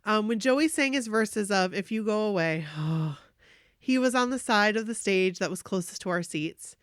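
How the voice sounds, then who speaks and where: A woman podcast host reading a listener's fan story aloud, animated and gushing, with emotional asides. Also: mid-range voice, moderate pace, dry recording, studio quality.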